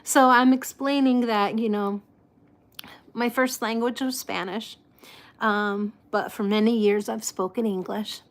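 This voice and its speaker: A chatty woman with an American accent, hosting a relaxed live stream. Her voice sits a little high, and she talks loosely, moving between English and Spanish. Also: unhurried. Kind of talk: casual live chat.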